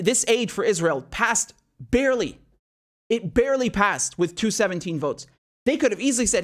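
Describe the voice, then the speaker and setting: Man, political commentary host, high-pitched voice, heated, profane, rhetorical questions, repeats himself for emphasis.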